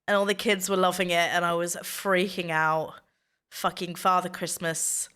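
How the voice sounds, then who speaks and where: A woman's voice: on the low side, flat delivery, a little slow, pushed and bright. A woman, chatting casually with her stream viewers and telling stories. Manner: chatty storytelling, reading chat aloud. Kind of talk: casual chat.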